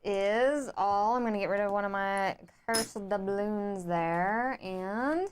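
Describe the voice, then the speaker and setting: A woman chatting casually through a board game match on video. She gets excited fast, laughs a lot and keeps turning to her audience. Her voice sits at a middle pitch. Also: a little hiss or hum. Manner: excitable, laughing, addresses the viewers. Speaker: board game player and co-host.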